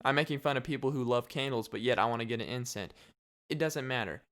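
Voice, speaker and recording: Young male podcast host, smooth resonant voice, rambling jokey monologue, mid pitch. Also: fast talker, a bit bright. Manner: rambling, joking, laughs often. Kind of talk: casual solo podcast monologue.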